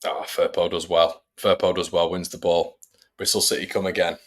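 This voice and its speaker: A man's voice: sits low, little pitch movement, moderate pace. A man hosting a football fan watch-along, giving chatty live commentary and talking to his viewers. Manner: chatty, addresses viewers as everybody. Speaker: fan channel host.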